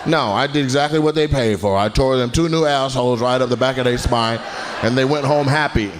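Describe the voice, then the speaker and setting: Brash comedian roasting a club crowd. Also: male voice, mid-range voice, a little fast. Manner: brash, teasing, loud bursts and laughing asides. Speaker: stand-up comedian. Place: comedy club stage with laughing audience. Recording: noisy live club recording.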